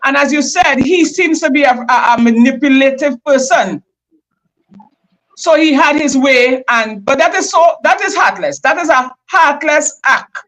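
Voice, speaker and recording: A woman hosts a live talk stream in a high voice. She keeps asking pointed follow-up questions and sounds indignant about what she hears. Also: expressive, a little slow, a bit bright, rough recording. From Trinidad. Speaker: talk show host.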